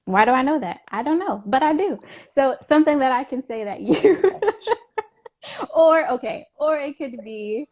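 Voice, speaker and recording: A woman's voice: high-pitched, expressive, moderate pace, darkish tone, lo-fi sound. A woman hosting a casual interview on a video call, talking in a loose, chatty way with many asides. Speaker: host.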